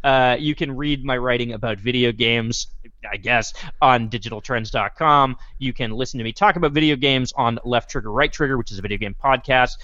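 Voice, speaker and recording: A man's voice: medium pitch, fairly quick, pushed and bright, no echo, dull audio. A man guesting on a podcast, joking and rambling in casual chat, often acting out imagined dialogue.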